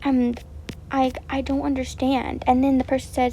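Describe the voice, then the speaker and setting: A woman's voice: sits high, little pitch movement, moderate pace, mellow, slight background noise, low-quality recording. A woman streamer giving upset personal commentary, rambling and repeating herself with many fillers and restarts. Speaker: game streamer.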